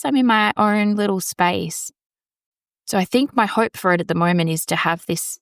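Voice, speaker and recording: Clean studio sound with no room sound captures a woman's lowish voice as she hosts a solo podcast from a small storage room. She talks candidly in a rambling, casual monologue, swearing here and there.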